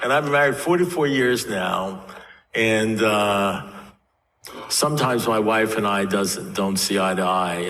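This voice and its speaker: A man's voice: lowish voice, fairly bright tone. An older man speaking at a recovery meeting, telling his story with wry, self-mocking humor. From United States. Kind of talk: personal storytelling talk. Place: meeting hall. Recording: echoey hall with faint background noise.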